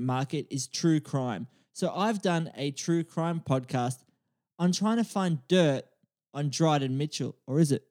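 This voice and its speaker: Animated, swearing podcast host. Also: male voice, a little high, no room sound, studio quality. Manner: animated, swearing, mock-grandiose. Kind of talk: casual comedy podcast chat.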